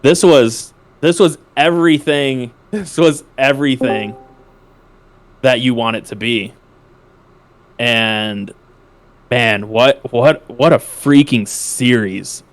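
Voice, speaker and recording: A man hosting a post-match interview with the winning team, excited and drawn-out in his emphasis. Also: medium pitch, no echo. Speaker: esports caster interviewing winners.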